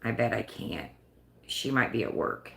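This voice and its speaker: A woman's voice: a bass voice, lively intonation, a little slow, creaky, fairly bright tone, roomy sound, a little hiss or hum. A woman hosting a casual live stream, chatting and rambling in a self-conscious way. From United States. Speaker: livestream host.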